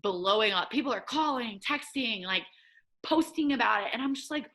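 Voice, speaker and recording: A young woman with a Midwestern accent, a podcast guest telling a lively story and acting out what people said. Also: normal speed. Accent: American Midwest. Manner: animated storyteller, acts out quotes with high excited pitch. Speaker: guest, assistant soccer coach. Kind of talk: casual storytelling interview.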